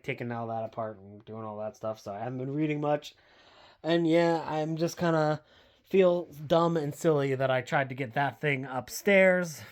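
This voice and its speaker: A woman, chatting casually and rambling in a home vlog from her basement, self-deprecating, full of fillers and the odd swear. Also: rumbling low. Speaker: book vlogger.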